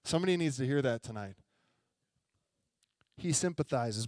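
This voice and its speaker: A man's voice: medium pitch, lively intonation, normal speed, long pauses, darkish tone, no echo. A young adult man preaching a sermon, telling a story in a chatty way and often asking the congregation questions. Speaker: pastor. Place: church sanctuary.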